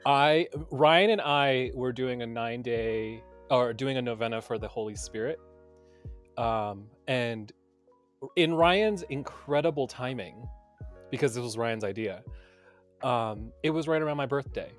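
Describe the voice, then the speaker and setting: A man's voice: medium pitch, a little slow, soft background music. A man co-hosting a podcast, chatting casually and candidly, telling a story between laughs. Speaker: podcast co-host.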